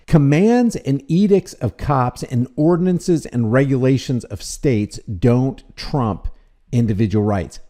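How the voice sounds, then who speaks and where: A man narrating commentary over a video in a mellow, warm tone. His delivery is fiery and emphatic, and his pitch swings widely as he drives each point home. He sounds like a passionate preacher of rights. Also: very animated, measured pace.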